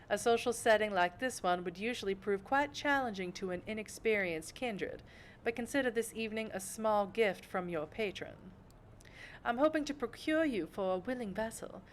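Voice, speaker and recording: A poised, elegant vampire patroness with a Southern belle drawl, as a streamer puts her on. She speaks in a gracious, measured, instructive way, her voice sitting in a middling pitch range for a woman. A faint hiss of noise sits under the voice. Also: lightly acted. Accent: Southern US, put on.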